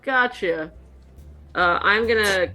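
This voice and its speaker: A woman playing a tabletop game, making quick, playful asides, with faint music behind. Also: mid-range voice, sharp tone. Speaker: player. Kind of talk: casual tabletop play.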